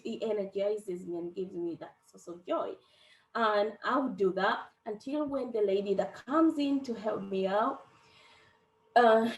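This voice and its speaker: A woman sharing her morning routine in a reflective, casual way on a panel, with frequent restarts. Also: medium pitch. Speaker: panel guest. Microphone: video call. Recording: roomy, distant from the mic.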